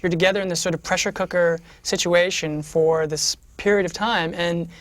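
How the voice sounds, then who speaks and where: A man's voice: high-pitched, fairly even intonation, moderate pace, a bit bright, no echo. A man in an interview, reflective and analytical about close working bonds.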